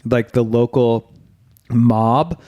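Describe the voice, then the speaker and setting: A man's voice: mid-range voice, very slow. A man from Ohio co-hosting a podcast, telling stories in casual chat and laughing often, through a headset mic. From Ohio, USA. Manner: laughs often, relaxed storyteller. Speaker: podcast co-host.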